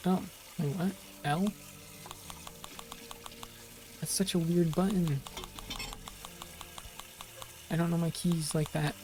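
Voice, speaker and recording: A gameplay streamer giving casual commentary, reacting out loud and swearing as they play. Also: medium pitch, fairly even intonation, a little slow, slight background noise. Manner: swears casually and reacts out loud, reads the game text aloud. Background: faint game music.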